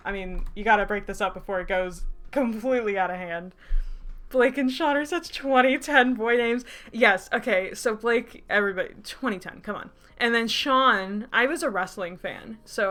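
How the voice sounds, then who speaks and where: A woman's voice: mid-range voice, moderate pace, a bit bright. A woman in her twenties reading her old writing aloud, breaking off for laughing, mocking and sarcastic asides. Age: 20s. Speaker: YouTuber.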